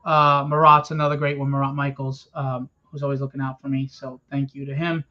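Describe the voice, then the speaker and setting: A man's voice: medium pitch, little pitch movement, brisk. A man who is a comic book publisher delivers a blunt, confrontational rant to a small crowd in a room at a convention, swearing freely. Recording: dull lo-fi event recording.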